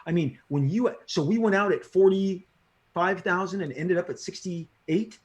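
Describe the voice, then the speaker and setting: A middle-aged comic book creator telling stories in a casual interview, excitable, slangy and repeating himself as he gets fired up. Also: high-pitched, a little slow.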